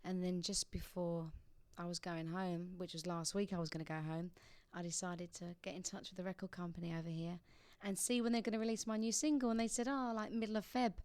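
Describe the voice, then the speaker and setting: A young woman from England chats as a radio interview guest, laughing often and restarting her sentences. Her voice is smooth and fairly low for a woman. The studio sound is close and dry. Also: fairly even intonation, brisk, hardly any pauses, darkish tone, no room sound.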